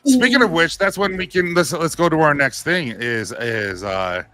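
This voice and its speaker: Bright-voiced man hosting a casual livestream. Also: fairly high pitch, expressive, moderate pace, soft background music. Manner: rambling, laughs easily. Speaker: beard care company owner, livestream host.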